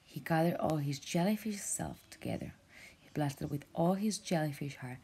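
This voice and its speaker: A woman reading a children's story aloud, often in a soft whisper, stopping to ask the child questions. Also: low-pitched, lively intonation, vocal fry, husky. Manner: slow, often whispered narration with asides to a child.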